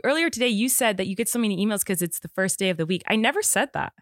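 An animated woman co-hosting a casual podcast, her voice sitting at an ordinary middle pitch. She argues her points with insistence, and the recording is dry and close. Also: no echo. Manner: animated, argumentative, quick to insist. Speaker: podcast co-host. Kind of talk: casual chat.

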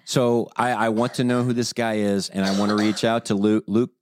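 A man co-hosting a family podcast with his wife, talking earnestly and haltingly, often repeating himself. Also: fairly low pitch, steady tone. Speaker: podcast co-host, songwriter dad. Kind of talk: casual family podcast chat.

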